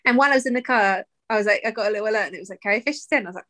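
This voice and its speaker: A woman from the UK co-hosting a podcast, telling stories in casual chat with animated asides. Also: medium pitch. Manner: animated storyteller, quick asides. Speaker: podcast co-host.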